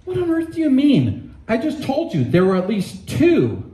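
A man's voice: very high voice, huge pitch swings, normal speed, warm tone, roomy sound, pitched above the performer's own voice, full character voice, rough recording. A man reading aloud and voicing a frightened, bewildered young boy who asks incredulous questions.

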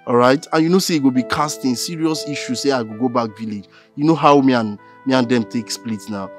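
A man's voice: medium pitch, a little fast, faint music behind, natural voice. A man playing a desperate Nigerian son. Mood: pleading. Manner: pleading, urgent. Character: humbled young man begging for help.

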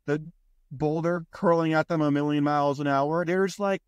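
A man's voice: fairly high pitch, steady tone, brisk, no echo. A man hosting a podcast, delivering a blunt, profane and sarcastic ranting monologue. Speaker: podcast host.

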